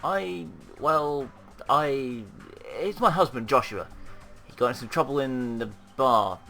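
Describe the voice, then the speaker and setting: A man reading the lines of a worried young woman whose husband was arrested, speaking in a halting, anxious way. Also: medium pitch, creaky, pushed and bright, soft background music, full character voice. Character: upset young wife, worried about husband.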